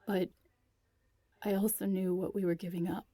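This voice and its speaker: A weary young drummer girl, as a female reader gives her lines in a storybook reading. She speaks quietly and shakily, often close to a whisper, in a gravelly, warm voice that sounds dry and close. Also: medium pitch, little pitch movement, moderate pace, no room sound, close to an everyday voice. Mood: subdued. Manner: quiet and shaky.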